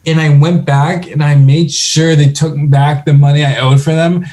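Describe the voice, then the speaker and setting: With a fairly high, steady, warm voice at normal speed, this young podcast co-host rambles through stories in casual chat, using lots of fillers and restarts.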